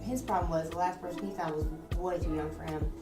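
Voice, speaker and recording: A woman co-hosts a casual radio show and tells her stories bluntly, with a lot of swearing. She talks fast. The room around her sounds echoey, and music plays underneath. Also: fairly low pitch, fairly even intonation. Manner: blunt, profane storytelling.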